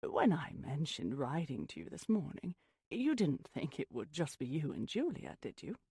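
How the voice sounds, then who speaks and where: Reader doing playful older mansion lady, cooing, teasing, lively swoops in pitch, gravelly edge. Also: normal speed, no echo, studio quality, exaggerated voice. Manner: cooing, amused, calls everyone darling.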